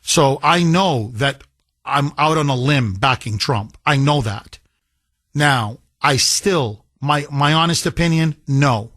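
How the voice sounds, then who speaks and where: A man's voice: medium pitch, slow, fairly bright tone, no echo. A man hosting a political talk radio show, delivering an emphatic monologue and repeating phrases for effect.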